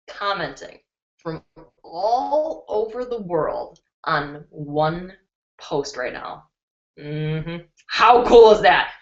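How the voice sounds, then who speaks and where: Excitable woman from Chicago hosting a beauty channel live stream, reads comments aloud; lo-fi webcam audio in a roomy space. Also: lowish voice. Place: indoors at her computer. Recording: roomy, dull lo-fi webcam sound.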